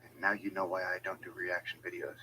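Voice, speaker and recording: A man's voice: low voice, flat delivery, a little fast, bright, forceful tone, slight background noise, low-quality recording. A man delivering an angry, profane monologue, heated and confrontational throughout. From United States.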